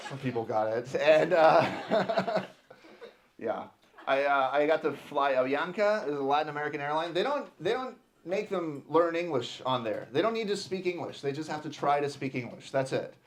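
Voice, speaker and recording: A man in his thirties from Texas doing a stand-up comedy set on a club stage, animated and playing out little voices. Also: fairly high pitch, normal speed.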